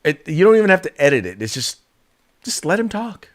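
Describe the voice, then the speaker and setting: Animated male podcast co-host. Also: on the high side, brisk. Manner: animated, with restarts. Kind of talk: casual political commentary.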